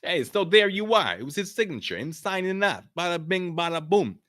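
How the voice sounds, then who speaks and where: A man voicing a brash, reassuring young man from Brooklyn with a high, loud, streetwise patter and a put-on Brooklyn accent. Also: animated, brisk.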